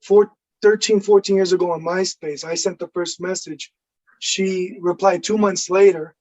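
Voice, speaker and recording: High-voiced Brooklyn-born host man. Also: fairly even intonation, normal speed, darkish tone. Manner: eager, informal questioner with fillers. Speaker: podcast host. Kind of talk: casual interview.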